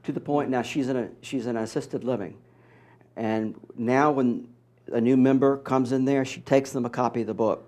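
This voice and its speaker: A middle-aged man from Mississippi, an author being interviewed, telling stories in an animated, wry way and acting out what others said. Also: medium pitch, normal speed. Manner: animated, wry storyteller who acts out quotes. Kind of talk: storytelling in an interview.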